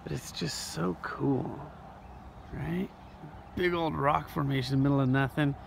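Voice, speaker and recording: A man vlogging casually outdoors beside a stream, his voice groggy from just waking up, chatting in a relaxed way about the sights. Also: on the high side, a little slow, gravelly, slight background noise. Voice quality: groggy morning voice. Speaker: family vlogger. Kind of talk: casual vlog chat. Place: outdoors by a stream next to a camper.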